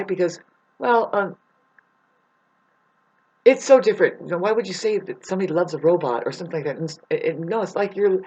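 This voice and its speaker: A woman's voice: fairly low pitch, dark tone, husky. A woman in a rambling, profane spiritual monologue, laughing often as she talks. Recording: muffled lo-fi recording.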